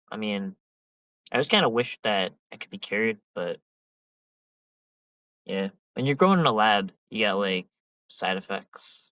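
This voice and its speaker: A man's voice: fairly low pitch, fairly bright tone, no echo, poor audio. A young man chatting casually as a podcast host, rambling and slangy with heavy filler and swearing. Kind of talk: casual chat.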